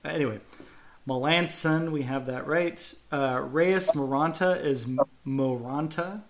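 Man, higher voice, casual sports podcast chat, self-deprecating, chatty. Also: unhurried. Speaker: podcast co-host.

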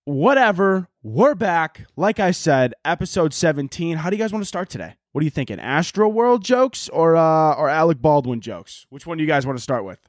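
Guy doing a solo podcast at home, kinda high voice, swears constantly and rambles, super dry close mic. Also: expressive, fairly quick, few pauses, no echo. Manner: profane, rambling comic rants. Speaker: podcast host. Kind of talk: casual solo podcast monologue.

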